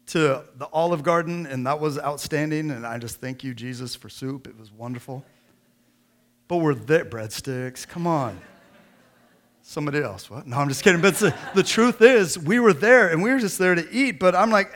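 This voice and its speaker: A middle-aged man preaching a sermon in church, swinging between joking folksy asides and loud, emphatic scripture reading. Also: medium pitch, normal speed. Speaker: pastor.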